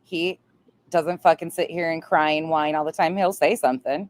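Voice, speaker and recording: A woman's voice: sits low, steady tone, moderate pace. A woman hosting a livestream chat, blunt, profane and fired up. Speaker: livestream host. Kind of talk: casual chat.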